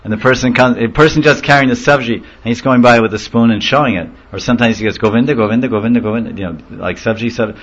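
A man's voice: medium pitch, fast talker, hardly any pauses, fairly bright tone. Man telling anecdotes in a devotional talk. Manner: storytelling, laughing, acting out voices. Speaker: spiritual teacher. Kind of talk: informal religious talk. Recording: muffled lo-fi recording.

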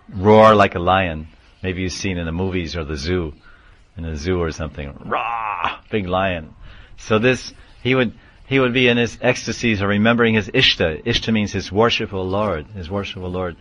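Male spiritual teacher, lowish voice, explains terms, chants verses in a class. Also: a bit bright, highs cut off. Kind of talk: scripture class.

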